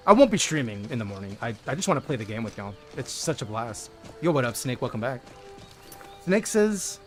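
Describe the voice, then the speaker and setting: A man's voice: medium pitch, big pitch swings, fairly quick, a bit bright, soft background music. A man livestreaming a game, chatting playfully with his viewers and greeting them by name. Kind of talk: casual gameplay chat with viewers.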